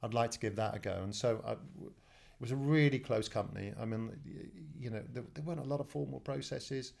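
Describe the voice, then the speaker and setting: A man's voice: medium pitch, brisk, creaky, a little mellow. A man in his fifties from England, a studio guest telling his career story in a chatty, self-deprecating way with many restarts. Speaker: guest, telecoms director. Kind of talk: casual storytelling interview.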